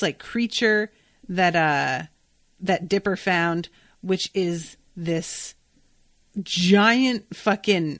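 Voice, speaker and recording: A woman's voice: mid-range voice, dry recording. A woman hosting a podcast, casually recapping a cartoon episode, chatty and swearing freely as she acts out the characters' lines. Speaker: podcast host.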